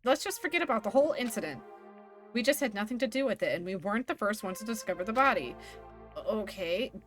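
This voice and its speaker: A woman's voice: mid-range voice, fast, soft background music. A woman streaming a game live, reading the dialogue aloud in playful voices and chatting between lines. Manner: animated, reads characters' lines with playful voices and laughs.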